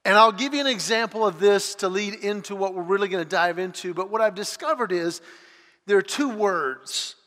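A middle-aged man giving a sermon, telling personal stories in a confessional way, moving between loud moments and hushed ones. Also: sits high, in a large hall. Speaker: speaker.

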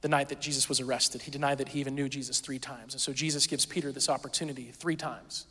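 A man's voice: fairly high pitch, a bit bright, big-room sound. A male pastor preaching a sermon in a conversational, storytelling way, acting out quoted voices.

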